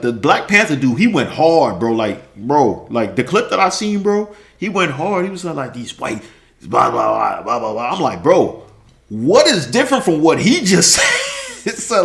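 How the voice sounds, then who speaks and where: A man's voice: a little high, roomy sound. A man ranting in casual slang on a stream, repeating himself and laughing often. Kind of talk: casual rant.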